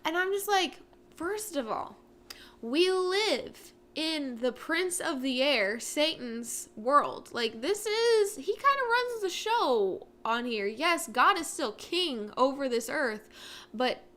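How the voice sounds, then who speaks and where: A woman's voice: high voice, expressive, slow, fairly bright tone. A young woman co-hosting a casual talk show, speaking earnestly and with many fillers. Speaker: co-host. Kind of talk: casual chat.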